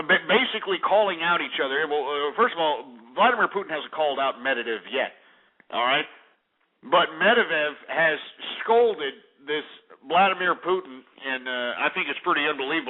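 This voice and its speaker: A man hosting a political talk radio show, ranting angrily with profanity and insults. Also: on the high side. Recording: tinny phone-like radio audio.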